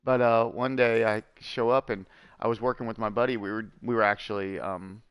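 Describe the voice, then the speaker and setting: A man's voice: on the low side, fairly even intonation, a little fast, clean tone, no room sound. A man streaming a video game, rambling casually and chatting with his viewers, with many fillers and asides. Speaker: gaming streamer. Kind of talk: casual storytelling while gaming.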